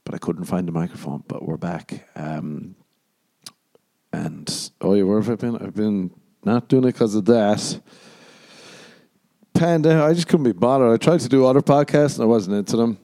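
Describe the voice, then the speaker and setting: Rambling, profane Irish man, mellow voice. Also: on the low side, moderate pace. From Ireland. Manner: profane, jokey, shifts into mock voices. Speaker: podcast host. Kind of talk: rambling solo podcast monologue.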